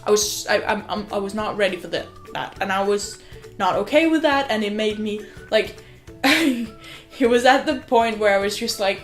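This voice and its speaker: Young female vlogger talking at home, mid-pitched, rambling and excitable, faint music in the background. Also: normal speed. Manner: excitable, gushing, swears, many "like" fillers. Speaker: student vlogger. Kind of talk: casual rambling vlog chat. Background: faint music from another room.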